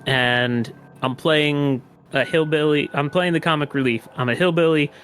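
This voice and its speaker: A man's voice: a little high, moderate pace, fairly bright tone, a little hiss or hum. A man guesting on a podcast, telling a story in a casual, rambling way with lots of fillers, restarts and swearing.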